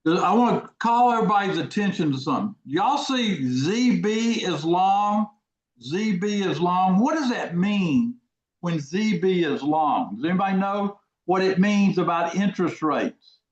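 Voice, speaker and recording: Folksy male trading host, slightly high voice, roomy lo-fi call audio. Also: lively intonation, a little slow. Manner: folksy, repetitive, asks the audience questions. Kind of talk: casual live webinar talk. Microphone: video call. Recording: echoey, dull lo-fi audio.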